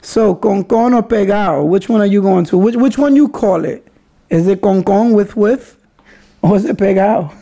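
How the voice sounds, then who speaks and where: On his casual solo podcast, the young Bronx host keeps things chatty and playful, regularly correcting himself partway through sentences. His voice sits high with vocal fry and a warm tone, at a moderate pace.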